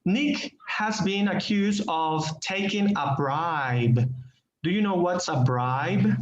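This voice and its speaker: Slow high-voiced teacher. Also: male voice, reverberant, muffled recording, slight background noise. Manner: patient, explains with examples and repeats words. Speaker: English teacher. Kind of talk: online class lesson.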